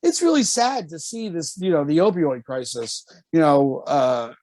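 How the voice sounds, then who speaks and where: A man telling a story on a casual podcast, animated and swearing often, jumping high when quoting himself. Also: unhurried, no room sound. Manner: animated, swears often, jumps to high pitch for quoted lines. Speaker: podcast co-host.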